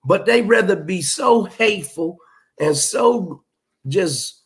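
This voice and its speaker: A man's voice: high voice, animated, slow, a bit bright. A middle-aged man, hosting a livestream and reading out chat comments in a blunt, emphatic, profane way. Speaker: livestream host.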